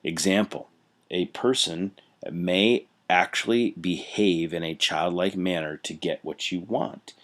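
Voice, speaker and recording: Very deep-voiced male teacher lecturing. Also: unhurried, fairly bright tone. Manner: conversational, explains with everyday examples and frequent fillers. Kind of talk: recorded classroom lecture. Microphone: computer mic while scrolling through notes.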